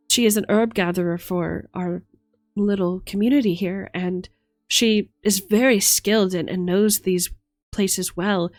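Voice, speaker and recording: A woman's voice: mid-range voice, no echo, clean studio sound, close to an everyday voice. A woman voicing a big, motherly village cook who cares for orphans and speaks humbly and anxiously to knights. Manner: fretful, deferential, rural speech.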